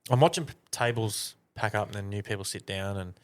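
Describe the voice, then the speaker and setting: A man's voice: on the low side, brisk, smooth. Sweary guy telling a story. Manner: swears a lot, acts out voices in anecdotes. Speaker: podcast co-host. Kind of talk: casual storytelling chat.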